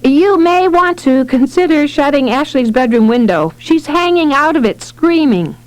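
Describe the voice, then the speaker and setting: A woman voicing an amused neighbor who phones in advice, in a raised, brighter voice. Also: sits high, animated, moderate pace, pitched above the performer's own voice, rough recording.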